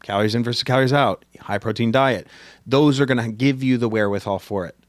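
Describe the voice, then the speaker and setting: A man's voice: medium pitch, quick pace, no echo, studio quality. A man hosting a podcast, talking casually and rambling with restarts. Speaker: podcast host. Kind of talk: casual conversation.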